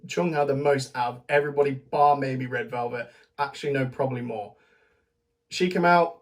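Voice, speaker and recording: A British man giving a casual, rambling spoken recap to camera, chatty, laughing often and restarting his sentences. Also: medium pitch. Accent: British English. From Britain. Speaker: vlogger.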